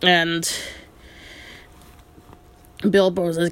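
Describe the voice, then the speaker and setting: A woman reads a story aloud at an unhurried, slow pace, her voice sitting somewhat low. She drifts into musing side comments and fills pauses with ums as she goes. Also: steady tone. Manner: thoughtful, musing asides, frequent ums. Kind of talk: reading a book aloud with asides.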